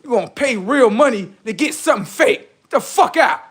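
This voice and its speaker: A man's voice: very high voice, lively intonation, a little fast, fairly bright tone, husky. A man hosting a livestream, delivering a boastful, heavily profane rant that taunts the people he is mocking. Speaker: livestream host.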